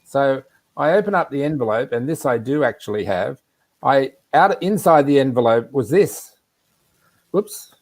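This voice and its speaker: A man's voice: mid-range voice, expressive, normal speed. A man casually telling a personal anecdote on a live video chat, rambling with asides. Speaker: regular guest.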